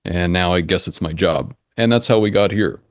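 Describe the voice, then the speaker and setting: A young adult man answering interview questions in a measured, matter-of-fact way, thinking aloud as he explains. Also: low voice, no echo, clean studio sound. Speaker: interview guest, engine simulation creator.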